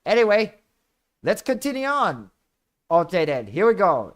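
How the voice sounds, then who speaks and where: Excitable high-voiced male streamer. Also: a little slow, pauses often. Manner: excitable, exclaims loudly, chats with viewers. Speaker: VTuber streamer. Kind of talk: casual livestream chat while playing.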